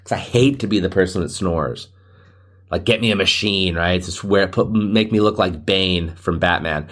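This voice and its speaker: A man's voice: low voice, normal speed, a bit bright. A man hosting a casual solo podcast, rambling and joking, often laughing at himself. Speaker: podcast host.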